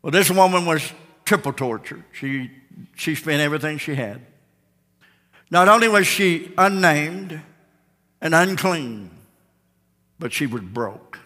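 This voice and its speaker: A male pastor preaching a sermon with dramatic storytelling, swinging between shouts and hushed tones. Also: a little high, expressive, measured pace, long pauses. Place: church sanctuary. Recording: reverberant church hall.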